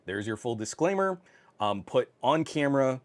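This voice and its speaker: Broadcasting a laid-back tech stream from his home office, this man has a mid-range voice and sounds very animated at a normal speed. He works through viewer comments with frequent laughter and plenty of filler words, recorded on the camera's microphone.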